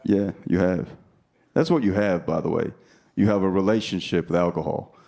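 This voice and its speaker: Creaky and dark-toned, a low-pitched male voice at normal speed carries a brash stand-up routine full of profane crowd work. The man, in his thirties, is on a comedy club stage, and the live recording captures audience noise and laughter.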